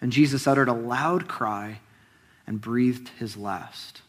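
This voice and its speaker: A man's voice: mid-range voice, slow. A man preaching as pastor, speaking earnestly and reading a long scripture passage aloud with rising emphasis on the quoted words. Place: church.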